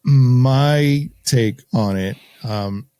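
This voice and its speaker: Quick, emphatic man co-hosting a podcast. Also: mid-range voice, dark tone, clean tone, dry recording, studio quality. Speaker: podcast co-host. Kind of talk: casual chat.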